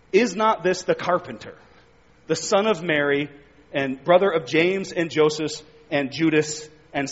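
A preacher delivers an expository sermon in a high, husky voice, reading scripture and driving points home with emphatic rises. His voice rings with long reverb through a large hall, though the recording itself sounds dull and muffled.

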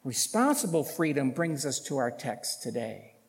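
A man's voice: mid-range voice, sing-song, normal speed, long reverb tail. A man preaching a sermon as a pastor, emphatic, with rhetorical questions and bursts of force on key points.

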